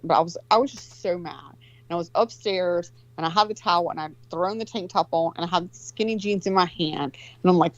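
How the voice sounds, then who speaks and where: A woman's voice: on the low side, fast talker, no echo, lo-fi sound. A woman in her forties telling a long, profane, rambling story in casual chat.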